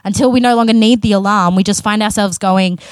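A woman's voice: mid-range voice, fairly even intonation, fast, dry recording. A woman preaching a sermon in an earnest, conversational way, with casual self-aware asides.

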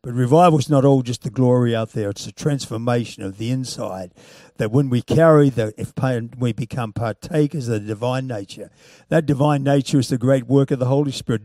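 A man preaching a sermon, moving from loud, punchy calls to quiet, chuckling storytelling. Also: mid-range voice, brisk, dry recording, clean studio sound.

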